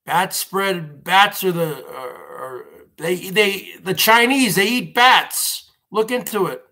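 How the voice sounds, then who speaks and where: This man's voice sits high and sounds sharp as he hosts a livestream at a slow pace. His monologue rambles and rants, circling back on itself, and he often addresses viewers as folks.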